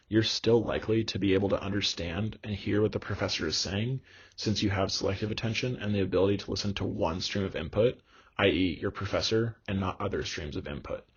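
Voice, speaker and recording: A young man giving a recorded online lecture, halting, with many fillers and restarts. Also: lowish voice, slightly rough. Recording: dull lo-fi recording.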